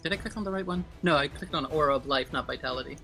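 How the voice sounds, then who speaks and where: A man's voice: fairly high pitch, racing, creaky, bright, forceful tone, faint music behind. A man playing a tabletop role-playing game in casual chat, eagerly explaining his character's spell and reading rules aloud. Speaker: player.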